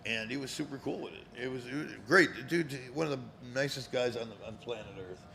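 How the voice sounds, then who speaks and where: A man in his fifties from Connecticut, USA, a former pro wrestler, guests on a live show in a cigar lounge, telling stories casually with rambling, profanity and many fillers. His mid-range voice is creaky and sharp, fairly quick with few pauses, over slight background noise.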